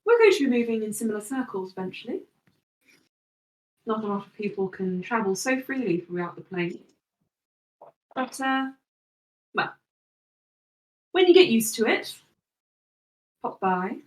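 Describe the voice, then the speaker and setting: A woman's voice: fairly high pitch, sing-song, unhurried, pauses often. A woman voicing a smug, breezy fey traveler who trades in favors, offhand and teasing. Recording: echoey room, voice from off-mic.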